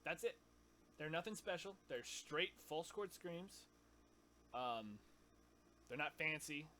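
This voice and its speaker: A man casually explaining his scream techniques, stopping mid-sentence to demonstrate growls and shouts. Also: on the high side, animated, slow, very noisy. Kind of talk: casual vocal tutorial.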